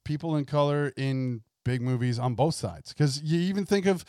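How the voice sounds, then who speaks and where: A man co-hosting a podcast in a laid-back, agreeable way, with the odd sarcastic aside. His voice sits a little high, and it sounds dry and close on the microphone. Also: moderate pace, a little mellow, dry recording. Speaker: podcast co-host. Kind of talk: casual podcast chat.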